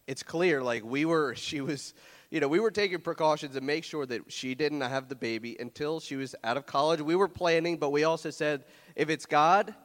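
A young man preaching a sermon in a loose, conversational way, earnest and close to tears as he shares a personal story. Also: medium pitch. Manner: earnest, emotional, fighting tears; loose, conversational, many fillers and restarts. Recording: long hall reverb.

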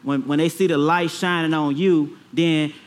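Male preacher, slightly high voice, call-and-response sermon, repeats and stretches key phrases. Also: steady tone, normal speed.

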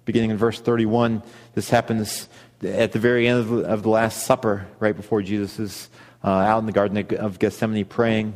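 A man preaching a sermon as pastor, earnest and measured, pausing as he reads scripture aloud. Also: on the low side, little pitch movement, a little mellow. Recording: long hall reverb.

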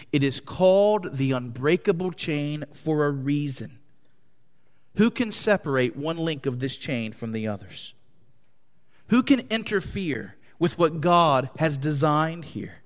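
A pastor preaching a sermon to his congregation, with an impassioned delivery that swings between loud, high emphasis and quiet, low tones. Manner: impassioned preaching with wide swings in pitch and loudness. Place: church hall. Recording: long hall reverb.

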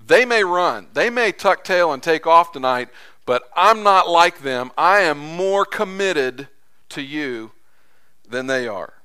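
A man voicing the disciple Peter as a brash, impulsive man loudly boasting of his loyalty. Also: mid-range voice, normal speed, clear, resonant tone, lightly acted. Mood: fervent. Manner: loud, fervent declaring.

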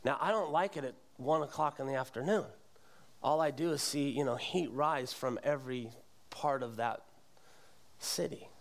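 A middle-aged man preaching a sermon in church, with animated delivery that climbs to emphatic peaks. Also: medium pitch, normal speed. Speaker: pastor. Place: church sanctuary.

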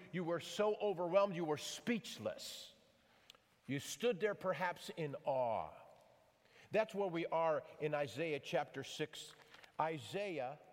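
Emphatic preacher in a reverberant hall. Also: male voice, a little high. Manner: emphatic, building intensity with dramatic pauses. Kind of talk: sermon with scripture reading.

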